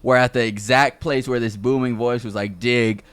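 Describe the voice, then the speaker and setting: A man co-hosting a podcast, reacting to jokes with short, relaxed quips and casual swearing. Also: medium pitch, moderate pace, clean tone. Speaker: podcast co-host. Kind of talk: casual chat.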